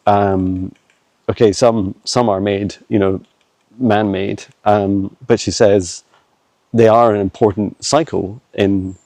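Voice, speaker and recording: Man, dark gravelly voice, dry close phone sound, halting casual vlog delivery. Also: fairly low pitch, no room sound. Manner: halting, many fillers and restarts. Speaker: psychic channeler. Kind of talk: casual walking vlog, channeling answers. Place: woods outdoors, walking a dog. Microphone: handheld phone camera.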